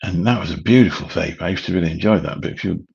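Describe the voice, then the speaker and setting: A man's voice: low-pitched, quick pace, vocal fry, a little mellow, husky, highs cut off. A man, rambling casually as host of a late-night livestream chat. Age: 50s. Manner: rambling, chatty, swears casually. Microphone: studio mic through a mixer.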